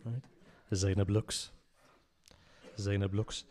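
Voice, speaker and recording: A man speaking at a mourning gathering in a religious centre hall, reciting with passion, swelling to loud cries and dropping low again, often asking the listeners direct questions. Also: flat delivery, takes it slowly.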